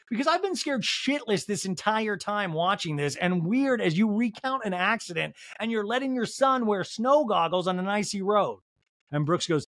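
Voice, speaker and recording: A man's voice: high-pitched, animated, moderate pace, fairly bright tone, no room sound, studio quality. A man hosting a podcast, giving a casual, laughing recap of a reality show and acting out quotes in different voices. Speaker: podcast host.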